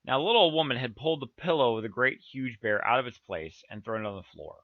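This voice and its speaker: A man's voice: mid-range voice, expressive, quick pace, no room sound. A man reading a children's story aloud with playful asides to his listeners. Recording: dull, dry lo-fi recording.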